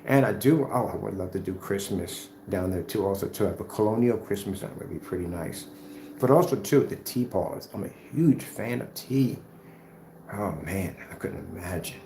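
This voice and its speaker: A man's voice: on the low side, moderate pace, mellow, roomy sound, a little hiss or hum. A man talking off the cuff in a vlog, combative and repetitive, trash-talking his rivals before drifting into loose chat. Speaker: screen paint maker and vlogger.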